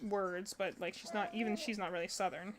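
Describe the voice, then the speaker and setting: Brisk and steady in tone, this young woman's medium-pitched voice carries over a noisy background as she streams from home. She crochets and chats casually, rambling with many fillers and laughs, dogs barking around her.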